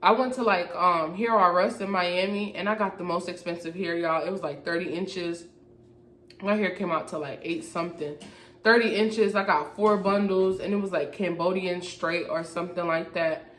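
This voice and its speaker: A young woman telling a storytime vlog in a casual, slangy, animated way, acting out the people she quotes. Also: lowish voice, normal speed, slight background noise. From Florida, USA. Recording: echoey room.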